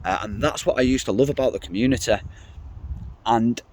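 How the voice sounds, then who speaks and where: A man's voice: medium pitch, brisk, a little mellow, a little hiss or hum. A middle-aged man ranting to camera in a casual vlog, blunt, swearing freely and rambling. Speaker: vlogger.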